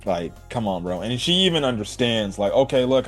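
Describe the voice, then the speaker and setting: A man casually recapping an anime episode in a rambling way, full of fillers and quick acted-out quotes. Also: medium pitch, sing-song, soft background music. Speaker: anime reviewer. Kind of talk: casual spoken episode review.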